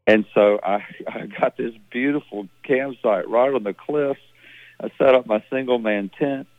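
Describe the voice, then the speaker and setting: A man from Mississippi, telling rambling, relaxed stories in a phone interview. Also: mid-range voice, unhurried, no room sound. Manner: rambling, relaxed, with many restarts. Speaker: musician guest. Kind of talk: phone interview, casual storytelling. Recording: dry, tinny phone line.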